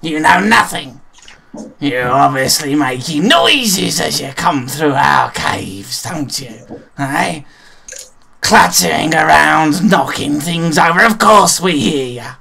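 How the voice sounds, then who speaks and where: A man voicing a sly, scornful male goblin captive in a tabletop game, in a sneering, gravelly voice. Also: on the high side, expressive, slow, a crowd in the background, pitched above the performer's own voice, heavily acted. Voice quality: gravelly, bright. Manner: sneering, contemptuous, snaps. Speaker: goblin negotiator. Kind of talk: tabletop role-play voice.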